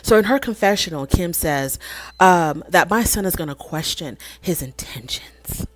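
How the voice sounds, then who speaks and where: A woman recapping a reality show in casual commentary, opinionated and animated as she retells scenes. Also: on the low side, normal speed, no room sound.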